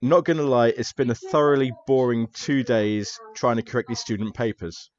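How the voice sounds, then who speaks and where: A man narrating as game master of a tabletop horror game, relaxed and chatty with frequent ums. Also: mid-range voice, normal speed, highs cut off.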